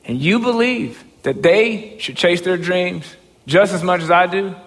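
A man giving a motivational talk as a storyteller, swinging from low murmurs to excited shouts, stammering and repeating words when he gets worked up. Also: unhurried, big-room sound. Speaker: motivational speaker.

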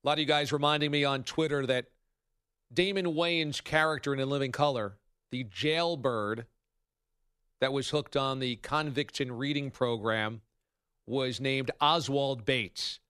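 A man hosting a sports talk radio show, telling stories in a wry, animated way. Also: medium pitch, a little slow, clean tone, dry recording, studio quality.

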